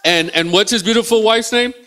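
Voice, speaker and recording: A man's voice: sits high, a little fast, a bit bright. A male stand-up comedian teasing and riffing with the audience from a small theatre stage. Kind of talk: stand-up crowd work.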